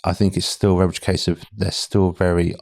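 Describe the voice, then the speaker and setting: Deep, gravelly British man, candid. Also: flat delivery, fairly quick, a little mellow, dry recording, clean studio sound. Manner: candid, conversational, frequent restarts. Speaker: podcast guest, talent acquisition head. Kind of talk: casual interview chat.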